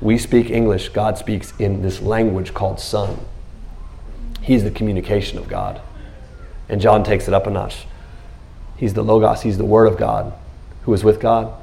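Gravelly-voiced animated preaching man. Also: on the low side, normal speed, long pauses, a little hiss or hum. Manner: animated preaching, acts out biblical scenes in quotes. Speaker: pastor. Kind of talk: sermon.

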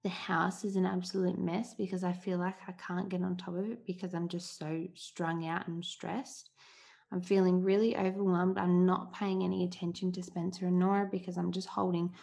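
A woman in her thirties hosting a solo podcast, talking candidly and from the heart in a relaxed, conversational way. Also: fairly low pitch, moderate pace, vocal fry. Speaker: podcast host.

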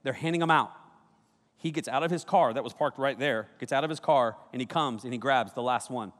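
Animated storytelling pastor in a big hall. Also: male voice, brisk. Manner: animated storytelling, jumps into high voices for quotes. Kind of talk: comedic youth sermon.

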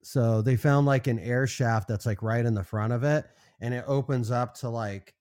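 Halting man running through headlines. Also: mid-range voice, steady tone, darkish tone, dry recording, clean studio sound. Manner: halting, repeats words, many fillers like "um" and "like". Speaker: podcast co-host reading headlines. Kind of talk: casual news chat.

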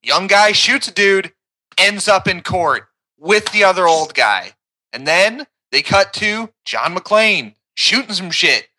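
A man with a very bright, cutting voice, pitched a little high, spilling out a profane, rambling recap in loose comedic banter. He talks over the others as a podcast co-host. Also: animated, slow.

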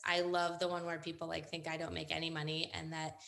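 A woman's voice: deep voice, monotone, fast talker, creaky, hardly any pauses, fairly bright tone. A young adult woman, a hair educator, chatting casually as a podcast guest, agreeable and upbeat. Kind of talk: casual interview chat.

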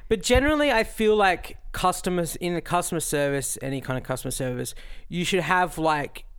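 An Australian woman co-hosting a podcast in casual chat, blunt and quick to swear. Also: on the low side, lively intonation, clear, resonant tone. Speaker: podcast co-host.

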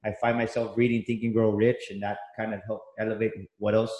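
A man's voice: on the low side, level tone, fairly quick, a little mellow. A middle-aged man from Texas, a motivational coach, talking enthusiastically as an interview guest, often repeating words as he starts. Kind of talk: energetic interview talk. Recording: roomy echo.

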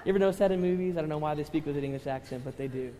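A male pastor preaching to a congregation, conversational with loud impassioned rises. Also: fairly high pitch, rapid-fire, slight background noise. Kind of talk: sermon. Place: church hall with congregation. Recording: reverberant hall with faint ambience.

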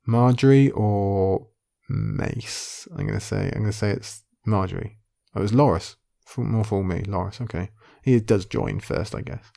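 A man's voice: fairly low pitch, moderate pace, creaky, mellow. A man thinking aloud as he plays an online quiz, muttering his guesses half to himself before he settles on an answer. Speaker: video creator playing an online quiz. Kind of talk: casual thinking-aloud commentary.

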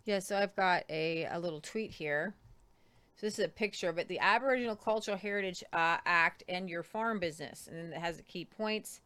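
A woman's voice: fairly low pitch, fairly quick, fairly bright tone, clear, resonant tone. Woman co-host reading out news stories. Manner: reads articles aloud with frequent ums and restarts.

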